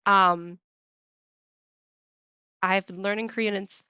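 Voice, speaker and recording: Woman guest on a podcast, smooth clear voice, kinda rambly, dry mic. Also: medium pitch, fairly even intonation, slow pace, pushed and bright, no echo. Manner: thoughtful, rambling, lots of fillers. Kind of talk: casual chat.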